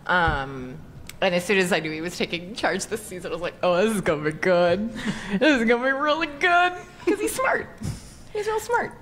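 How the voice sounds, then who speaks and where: Animated, laughing woman on a panel. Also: mid-range voice, moderate pace. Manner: laughs often, animated storytelling. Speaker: voice actor guest. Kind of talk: lively panel chat. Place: convention panel room. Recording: stream of a live panel, background noise.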